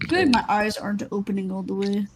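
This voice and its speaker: A woman's voice: mid-range voice, expressive, brisk, very noisy. A woman in casual chat among friends before a game, teasing in a dry way.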